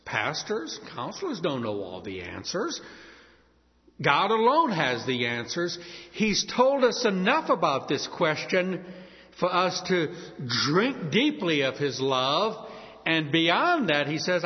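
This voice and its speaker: A man delivers a sermon in a lively voice that rises and falls sharply, sitting a bit high for a man. He slows down for dramatic weight on the words he wants to land. The recording has a long reverb from a large church room and a dull, lo-fi tone. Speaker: pastor.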